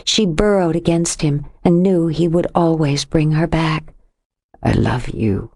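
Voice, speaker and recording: A woman reads the narration of a romance audiobook in a lowish voice. Her delivery is steady and expressive, carrying the story forward at an even pace. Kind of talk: scripted narration.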